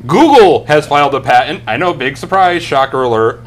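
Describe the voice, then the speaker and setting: A man's voice: on the high side, lively intonation, fairly quick, a little hiss or hum. A man co-hosting a casual comedy tech-news show, reading out items and teasing his co-hosts. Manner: steers back to news items, dry teasing. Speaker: co-host.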